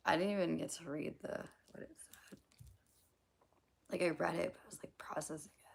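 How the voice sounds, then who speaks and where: A young woman hosting a casual livestream, hoarse from losing her voice, rambling, swearing and laughing at her own jokes as she answers chat. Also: fairly low pitch, fairly even intonation, fairly quick.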